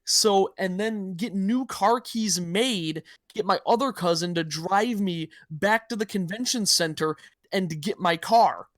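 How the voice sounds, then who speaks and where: A man co-hosting a podcast, telling a story in a quick, rambling casual chat. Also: sits high, fairly bright tone, no room sound, studio quality. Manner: quick, rambling with many "like" fillers. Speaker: podcast co-host.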